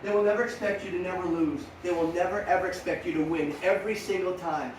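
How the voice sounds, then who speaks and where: A middle-aged man giving a motivational talk to young riders, energetic and full of rhetorical questions. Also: high-pitched, fast, slight background noise. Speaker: sports mental coach. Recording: echoey room, mic at a distance.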